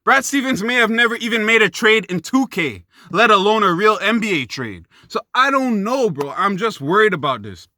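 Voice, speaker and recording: A man's voice: sits high, very animated, normal speed, hardly any pauses, bright, forceful tone, no room sound, clean studio sound. Fired-up young man ranting profanely. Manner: passionate, profane, frustrated, addresses viewers as guys and bro. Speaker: sports commentary YouTuber. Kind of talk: heated sports rant.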